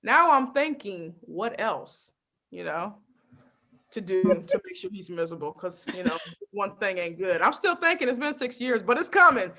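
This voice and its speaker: A young adult woman doing a stand-up comedy set, telling lively stories with constant asides to the crowd. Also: mid-range voice, normal speed. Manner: lively storytelling with frequent asides and laughs.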